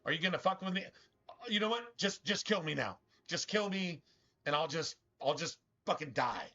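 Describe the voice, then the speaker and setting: A small male sewer rat, worn out and resigned, begging to be spared in slangy, exasperated outbursts, as a man puts him on. The voice is bright and sharp in tone, raised a little above a normal man's talk. The sound is dull and lo-fi, like a game stream. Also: a little high, expressive, moderate pace, pitched above the performer's own voice, full character voice. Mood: desperate.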